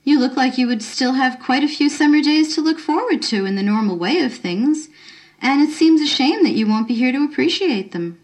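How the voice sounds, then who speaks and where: A woman voicing a kind, unflustered middle-aged woman who talks gently and encouragingly. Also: high-pitched, animated, moderate pace, pitched above the performer's own voice. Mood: gentle.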